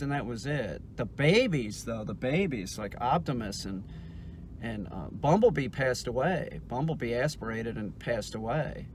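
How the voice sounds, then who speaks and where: A man's voice: mid-range voice, a little hiss or hum. A middle-aged man, a dog trainer, ranting casually and angrily for his vlog, swearing often and restarting his sentences as he talks. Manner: profane, heated, repetitive restarts.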